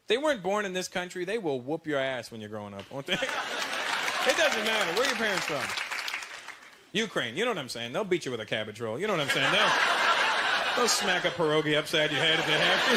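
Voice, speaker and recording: Man from Canada, stand-up comedian, lively storytelling, bouncy pitch, loud audience laughter and noise. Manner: lively, conversational storytelling with frequent asides.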